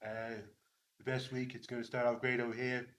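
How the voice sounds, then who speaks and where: A man's voice: mid-range voice, completely flat delivery, a little fast, a bit bright, a little hiss or hum, voice pushed down, lightly acted, low-quality recording. A man doing a boastful, arrogant male politician impression during a comedic weather segment. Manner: boastful, exaggerated superlatives.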